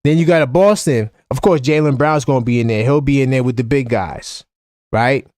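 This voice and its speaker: A man with a New York accent hosting a live-stream basketball chat, animated and opinionated, often repeating himself. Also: mid-range voice, fairly quick, no room sound, studio quality. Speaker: basketball fan show host.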